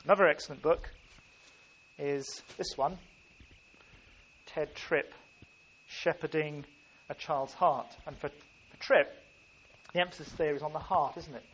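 An earnest man delivering a sermon in a slightly higher voice. He speaks with emphasis and often circles back to restart his phrases. A faint hum of ambient noise sits behind him. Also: steady tone, unhurried, long pauses, a bit bright, highs cut off. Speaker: preacher.

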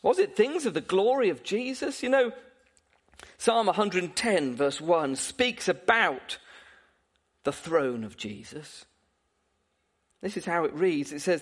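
A man preaching a sermon in a fairly high voice that swoops up and down with lively energy. He keeps asking the congregation questions, breaks into short chuckles, and restarts his phrases as he goes. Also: measured pace, pauses often.

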